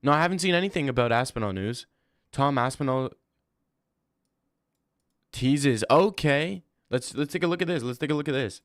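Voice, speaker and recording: A man's voice: medium pitch, expressive, moderate pace, long pauses, no echo, studio quality. A young man hosting a livestream, chatting casually and reading viewer comments, rambling and slangy. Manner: rambling, slangy, says "bro" often. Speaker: livestream host.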